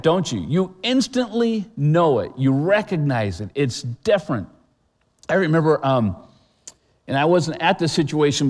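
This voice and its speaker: A middle-aged man delivers a sermon in an earnest, conversational way, often pausing with fillers and restarting his phrases. His voice sits in an ordinary middle pitch. The recording carries the long reverb of a large church hall. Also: darkish tone. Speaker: pastor.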